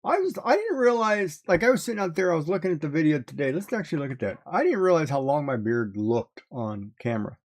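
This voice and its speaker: A man's voice: fairly high pitch, big pitch swings, fast, hardly any pauses. A man streaming, chatting casually with his live audience, rambling along and chuckling often.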